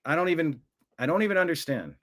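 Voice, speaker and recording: A livestream show host with a fairly high, slightly bright voice talks fast and animatedly. He mutters to himself while fixing settings, then breaks into profane, confrontational demands at a commenter.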